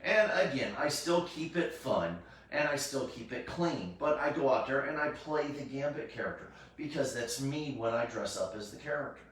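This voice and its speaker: A man's voice: mid-range voice, lively intonation, normal speed, hardly any pauses, fairly bright tone. Rambling man in an echoey room. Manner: rambling, many fillers and restarts. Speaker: charity cosplay event host. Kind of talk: casual live-stream chat. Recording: echoey room, distant mic.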